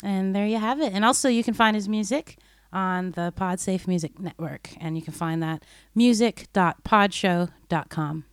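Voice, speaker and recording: A woman's voice: mid-range voice, dry recording, clean studio sound. A woman hosting a music podcast, chatting casually, laughing along, and spelling out web addresses. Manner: chatty, giggly, reads web addresses slowly. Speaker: podcast host. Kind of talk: casual podcast chat with promo reads.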